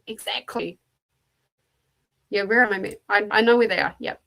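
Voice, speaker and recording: Gravelly-voiced New Zealand woman hosting. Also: mid-range voice, moderate pace, sharp tone. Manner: chatty, greets viewers by name and answers chat. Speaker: livestream host. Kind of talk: casual livestream chat.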